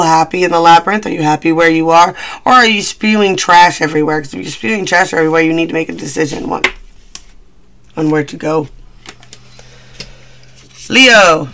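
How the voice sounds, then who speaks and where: A man's voice: fairly high pitch, sharp tone. A man giving a casual, rambling tarot reading, chatty and self-deprecating. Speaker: tarot reader.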